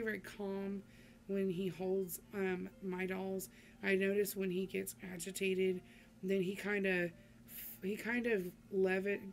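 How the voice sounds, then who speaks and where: A woman's voice: mid-range voice, a little hiss or hum. A middle-aged woman chatting casually to her vlog audience, rambling with many ums and restarts. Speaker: vlogger. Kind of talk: casual chat to camera.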